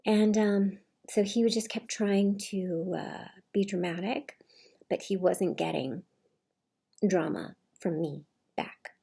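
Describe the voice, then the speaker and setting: Woman rambling casually, husky, lots of vocal fry, soft almost whispery bits. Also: mid-range voice, steady tone, takes it slowly. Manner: rambling, many fillers and restarts, often soft and breathy. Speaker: vlogger. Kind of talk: casual personal monologue.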